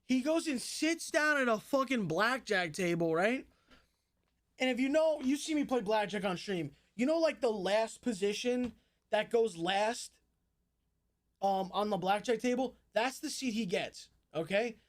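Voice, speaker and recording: High-voiced young man telling a wild story. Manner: animated, swears a lot, jumps between fast narration and loud outbursts. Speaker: streamer. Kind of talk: casual storytelling to a live stream audience.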